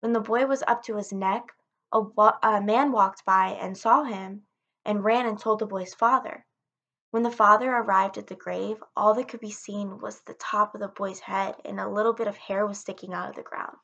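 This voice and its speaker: A woman narrating a folktale in a steady, plain storytelling manner. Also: mid-range voice, moderate pace, creaky, highs cut off.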